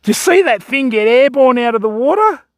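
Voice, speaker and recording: An Australian man livestreaming from a riverbank outdoors, giving excitable commentary and calling his viewers fam and mate. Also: very high-pitched, a little fast, no room sound, studio quality. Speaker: fishing livestreamer. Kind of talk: live commentary to stream chat.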